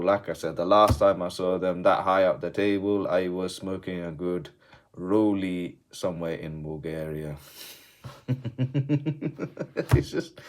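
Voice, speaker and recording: Male football vlogger, low voice, loose sweary rant delivery. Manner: swears freely, swings between laughing and grumbling. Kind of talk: casual post-match rant.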